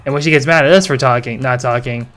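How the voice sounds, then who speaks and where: A man's voice: medium pitch, fast, fairly bright tone, soft background music. A man giving casual gaming reaction commentary, ranting in a laid-back, slangy way and swearing freely. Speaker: gaming channel host.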